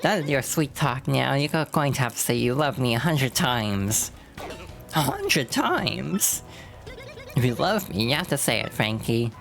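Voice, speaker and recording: A woman's voice: very deep voice, moderate pace, few pauses, music in the background. A woman voicing a clingy, melodramatic young wife in a game, in a whiny, raised voice. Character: clingy dramatic young wife, pampered mobster's daughter.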